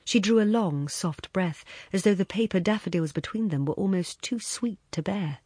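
A woman reading a literary short story as an audiobook narrator, measured and expressive, softening into hushed passages. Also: medium pitch, slightly rough, no echo, studio quality.

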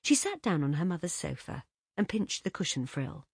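A woman reading a literary story aloud as narrator in an expressive, measured way. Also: fairly low pitch, slightly rough, no echo, studio quality. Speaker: audiobook narrator.

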